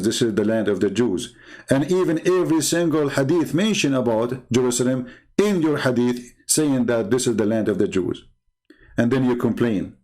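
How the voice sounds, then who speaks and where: A man in a polemical monologue who answers critics in a mocking, combative way and rises to loud, indignant outbursts. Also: mid-range voice. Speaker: religion critic answering viewers.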